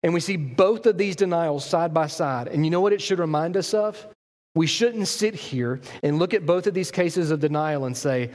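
A man delivers a sermon in a church hall, his voice a touch high for a man and trailed by a long reverb. He tells the story vividly and slips into the characters' voices as he goes. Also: moderate pace, darkish tone. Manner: storytelling, acts out the Bible scene with voices. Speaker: pastor.

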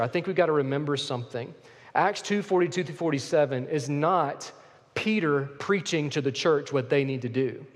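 A man delivers an emphatic sermon as pastor, his voice sitting a little high for a man. He hammers his main points by repeating them. The sound rings with a long reverb, as if from a large church sanctuary. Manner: emphatic preaching, repeats key phrases.

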